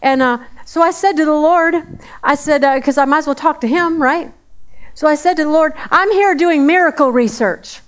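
A woman's voice: sits high, fairly even intonation, fairly quick. A woman preaching a sermon in a conversational way, repeating phrases for emphasis.

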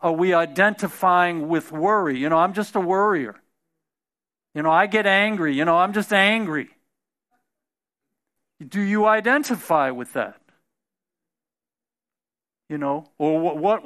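A male preacher with a high, lively pitch delivers a conversational sermon. He restarts phrases often and climbs to emphatic, forceful peaks. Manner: conversational, repeats and restarts, builds to emphatic shouts.

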